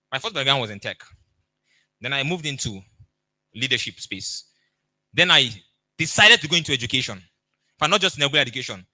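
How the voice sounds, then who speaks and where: A man's voice: mid-range voice, sharp tone, no room sound. A middle-aged man with a Nigerian accent, giving a motivational coaching talk and acting out the people in his stories. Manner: storytelling, emphatic, acts out dialogue.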